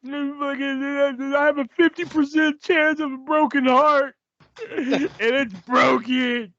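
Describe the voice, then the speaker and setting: A man doing a loud, melodramatic impression of a heartbroken male wrestler. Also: extremely high pitch, flat delivery, slow pace, pitched above the performer's own voice, heavily acted. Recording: dull lo-fi podcast mic.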